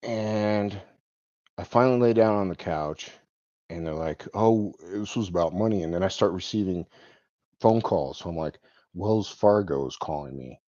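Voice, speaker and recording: Low-voiced rambling man telling a story. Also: a little mellow, no echo. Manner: rambling, full of "like" and "um", chuckles now and then. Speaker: vlogger. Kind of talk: personal storytelling monologue. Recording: dull lo-fi dry recording.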